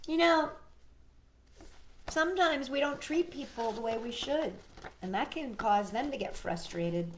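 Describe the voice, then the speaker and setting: A woman hosting a children's storytime, reading a picture book aloud in a gentle, expressive way and chatting to a puppet. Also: high-pitched, unhurried, long pauses, a little hiss or hum. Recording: roomy echo, faint music.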